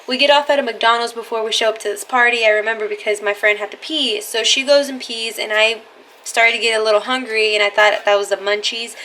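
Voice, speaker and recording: Young woman vlogger, slangy storyteller, swears freely. Bright, forceful voice, pitched a little high. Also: steady tone, a little fast, slight background noise. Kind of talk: casual storytelling.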